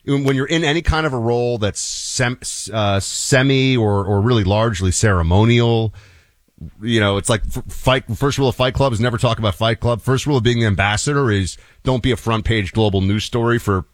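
A man's voice: medium pitch, a little fast, no echo, studio quality. A man co-hosting a political talk radio show, chatting casually and telling stories with emphatic asides. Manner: conversational, storytelling, emphatic asides.

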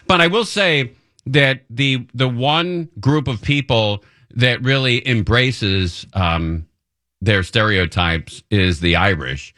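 A man's voice: medium pitch, slow, sharp tone. A man hosting a radio show, chatting casually and teasing his guest in chummy banter. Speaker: radio host.

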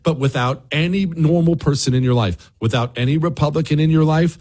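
A man's voice: a little high, a little fast, a little mellow, husky. A man hosting a talk show, delivering an emphatic, sarcastic opinion monologue. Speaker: radio show host.

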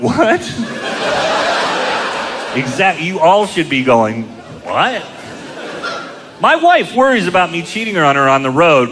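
A middle-aged man telling self-deprecating stories in a stand-up set on a club stage. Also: medium pitch. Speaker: touring stand-up comedian. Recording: live club recording with long reverb and clear noise.

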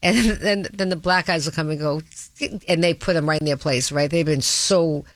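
A woman's voice: low voice, moderate pace, no room sound. A middle-aged woman with a heavy Boston accent, talking as a guest in a casual conversation, brash and combative.

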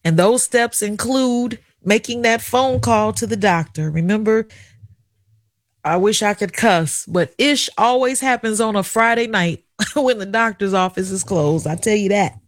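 A woman's voice: medium pitch, unhurried, no echo, clean studio sound. Emotional middle-aged woman radio host. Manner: candid, emotional, confiding, chatty. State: tearful at times. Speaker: radio talk show host. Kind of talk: emotional personal radio monologue.

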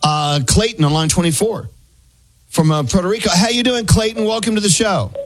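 A man hosting a call-in radio show, chatty and animated, often laughing. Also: high-pitched, brisk, slight background noise.

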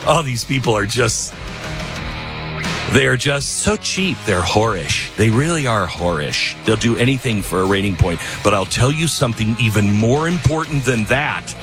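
A middle-aged man hosting a talk radio show, rambling and self-mocking, with sudden shouted outbursts. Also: fairly low pitch, lively intonation, normal speed, music in the background. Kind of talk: talk radio monologue and host-read ads.

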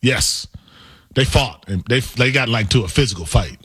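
Male co-host, lively pitch, husky edge, playful banter, dry studio. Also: moderate pace. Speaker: sports radio co-host. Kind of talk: casual radio chat.

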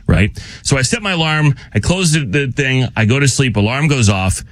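A man telling a story in casual chat, animated and laughing, acting out the voices of the people in it. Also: medium pitch, moderate pace, no room sound.

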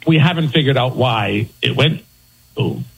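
Man, radio guest, husky voice, matter-of-fact explaining, lots of uh. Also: medium pitch, animated, brisk, low-quality recording. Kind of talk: casual radio chat.

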